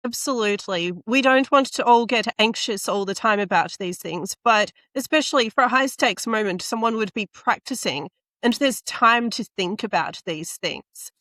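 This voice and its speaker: Slightly high-voiced woman podcast host. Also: normal speed, bright, forceful tone, no room sound. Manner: affirming, reflective, shares personal experience. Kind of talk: podcast interview chat.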